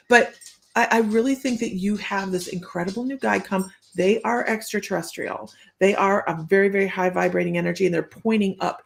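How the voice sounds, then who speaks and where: A woman's voice: mid-range voice, brisk, creaky. A woman psychic medium giving casual live-stream readings, chatty and rambling, often breaking into laughter.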